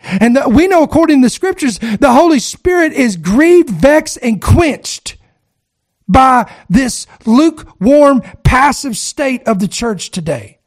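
A man's voice: very high voice, sing-song, slow. A middle-aged man preaching a fervent sermon to an online audience, exhorting listeners with repeated call-outs.

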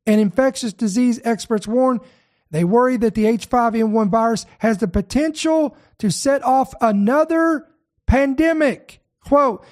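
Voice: mid-range voice, unhurried, a little mellow. An emphatic podcast host reads news articles aloud and comments on them along the way. The delivery halts on key words to stress them, and phrases often restart or double back.

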